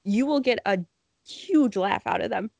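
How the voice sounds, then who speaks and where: A woman's voice: on the high side, measured pace, vocal fry, darkish tone, no room sound. A woman co-hosting a casual sports podcast, chatty and laughing often. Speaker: podcast co-host.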